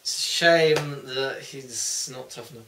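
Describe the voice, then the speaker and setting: A young man co-hosting a casual chat, excitable and jokey, swearing freely. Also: medium pitch, slow pace, background noise. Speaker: co-host. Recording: echoey room, far from the mic.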